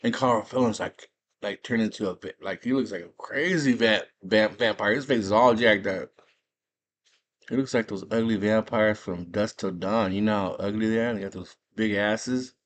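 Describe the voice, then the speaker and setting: A man with a fairly low voice talks through a movie plot in relaxed, slang-filled chat. He sounds like he's at home, chatting easily to his viewers. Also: moderate pace. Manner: slangy and laid-back, retelling a plot. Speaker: movie review vlogger. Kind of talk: casual chat.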